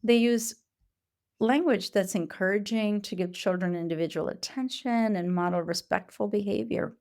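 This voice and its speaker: A woman who works as a Montessori educator, giving an earnest, explanatory conference talk with frequent pauses and fillers. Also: fairly low pitch, a little mellow.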